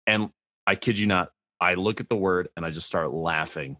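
Male podcast guest, lowish voice, animated storytelling, dry close sound. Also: moderate pace, dry recording. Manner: animated storyteller, acts out quotes. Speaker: guest streamer. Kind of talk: podcast conversation.

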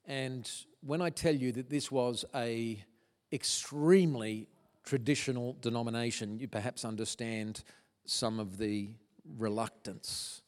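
A man's voice: medium pitch, fairly even intonation, measured pace. Man telling his testimony in a hall. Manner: earnest, stumbling restarts, grows emotional. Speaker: guest speaker. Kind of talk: testimony talk to a church audience. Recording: long hall reverb.

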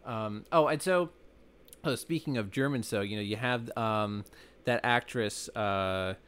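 Rambling, animated man chatting about film. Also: on the low side, unhurried, clean tone. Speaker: podcast co-host. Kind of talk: casual film chat.

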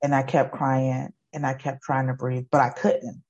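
A woman's voice: a bass voice, flat delivery, moderate pace, darkish tone, highs cut off. A woman in her forties, an educator, giving an emotional personal testimony in an earnest, repetitive storytelling way. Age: 40s. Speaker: guest, educator.

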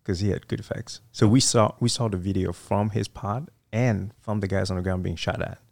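A man's voice: fairly low pitch, steady tone, fairly quick, vocal fry, darkish tone, dry recording. A middle-aged man, a guest in a casual interview, telling stories with lots of fillers and restarts. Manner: rambling, many fillers and restarts. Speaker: guest, retired Marine officer.

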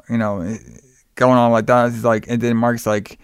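A man's voice: medium pitch, little pitch movement, moderate pace, clean tone, no echo, clean studio sound. A man casually retelling a film's plot, full of fillers and quoted lines.

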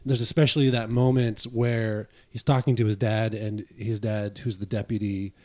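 Lower-voiced man analyzing a film. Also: level tone, moderate pace, a little mellow. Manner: analytical, hesitant with fillers. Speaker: podcast panelist. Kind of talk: casual film discussion.

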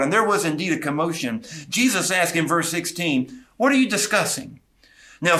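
A man's voice: on the high side, sharp tone. A male pastor preaching an expository sermon, earnestly retelling scripture with asides and small restarts.

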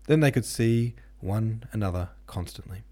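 A man reading a classic novel aloud as an audiobook narrator, measured and steady. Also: fairly low pitch. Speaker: podcast host and audiobook reader.

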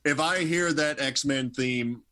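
A man's voice: medium pitch, takes it slowly, sharp tone. A man hosting a casual interview show, enthusiastic and easygoing as he steers the conversation. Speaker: podcast host.

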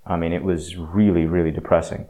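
A man's voice: low voice, flat delivery, brisk, warm tone. A man talking in a reflective, self-deprecating casual monologue, hesitant with many fillers and restarts. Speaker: speaker sharing experience.

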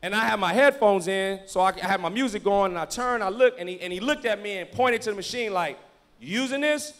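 A man's voice: high-pitched, fast, a bit bright. A male pastor preaching a storytelling sermon, acting out both sides of a conversation as he goes. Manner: preaching exhortations.

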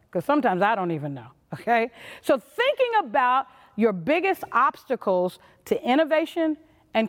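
In a large hall, a woman with a slightly high voice gives a motivational leadership talk as a conference speaker. She's emphatic and punchy, acting out little quoted voices.

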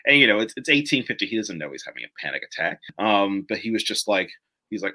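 A man who writes comics, talking casually as a guest, animated and quick to laugh, with many fillers. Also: low-pitched. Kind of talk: casual conversation.

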